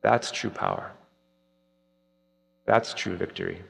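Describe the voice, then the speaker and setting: A man preaching a sermon earnestly, rising for emphasis and dropping soft at key points. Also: low-pitched, steady tone, slow, vocal fry, breathy edge. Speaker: pastor. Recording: long reverb, hall-like.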